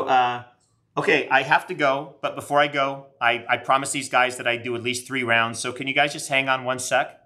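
A man's voice: medium pitch, pushed and bright. A middle-aged man rambling on a casual live stream, joking at his own expense and chatting with viewers, a little out of breath. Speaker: card collector streaming live.

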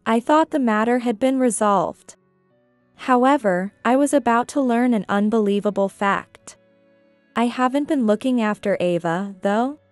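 A woman reading a scripted first-person story in a measured, even way. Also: on the high side, no echo, faint music behind. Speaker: narrator.

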